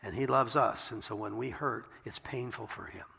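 Gravelly, bright-toned preacher in a big reverberant room. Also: male voice, medium pitch, moderate pace. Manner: reads scripture aloud and breaks in with wry asides. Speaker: pastor. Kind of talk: sermon.

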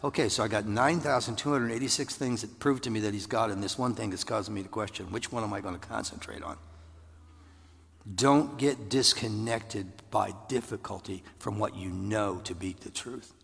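A man in his sixties preaching a conversational, animated sermon, his husky voice carrying in a church sanctuary. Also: normal speed. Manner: conversational, animated, with jumps into falsetto for acted voices. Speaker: pastor. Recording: long reverb of a large hall.

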